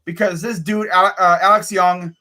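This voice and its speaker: Young guy sports vlogger, high bright voice, ranting all over the place. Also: moderate pace. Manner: animated, ranting, swears and says bruh a lot. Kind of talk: casual fan rant.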